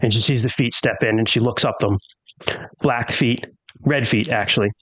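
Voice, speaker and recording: A man's voice: medium pitch, steady tone, moderate pace, fairly bright tone, husky, no room sound, low-quality recording. A man narrating a tabletop game as game master, telling the scene with drama. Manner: dramatic storytelling with character voices.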